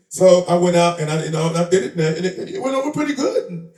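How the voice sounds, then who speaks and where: A man's voice: high-pitched, fast talker, warm tone. A man, telling stories in a casual interview, streetwise and laughing, acting out the voices of the people in them. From the Bronx, New York. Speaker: interview guest, rapper and comedian. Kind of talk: animated storytelling in casual chat. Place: live event in a shop. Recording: roomy sound, a bit far from the mic.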